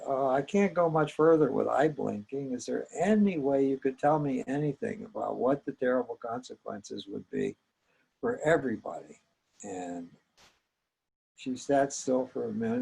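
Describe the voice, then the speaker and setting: Gravelly older man, reflective storyteller. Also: mid-range voice, expressive, moderate pace, low-quality recording. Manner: reflective, gentle, with small hesitations. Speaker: psychologist recounting his training. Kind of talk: personal storytelling.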